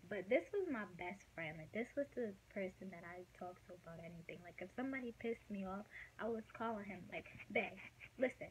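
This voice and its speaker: A woman of about twenty telling a personal story in a casual, emotional way, dropping to a hush and then getting loud, with lots of fillers. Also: medium pitch, animated, fairly quick, few pauses, a little hiss or hum, rough recording. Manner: emotional, swings from hushed to loud, many fillers. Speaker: vlogger.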